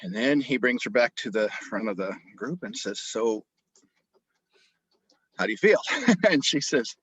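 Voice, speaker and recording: Male doctor, husky mid-pitched voice, dry muffled video-call sound, lively storyteller. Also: measured pace, long pauses, no room sound. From grew up in Japan. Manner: animated storyteller, frequent restarts. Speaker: osteopathic family physician. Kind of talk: storytelling interview.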